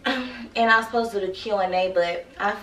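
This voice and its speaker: A woman's voice: mid-range voice, fairly quick, echoey room, recorded from a distance, background noise. A woman with a sore throat chatting playfully with her viewers as a beauty vlogger, teasing and joking as she goes. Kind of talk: casual chat to viewers.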